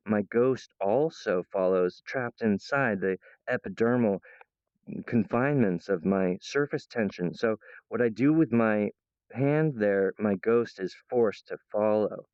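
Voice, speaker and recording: A man's voice: fairly low pitch, a little mellow, clear, resonant tone, no echo, dull audio. A man vlogging at home in a meandering, playful monologue full of restarts, stray thoughts and silly voices. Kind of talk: rambling casual monologue to camera. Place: at home, in the kitchen.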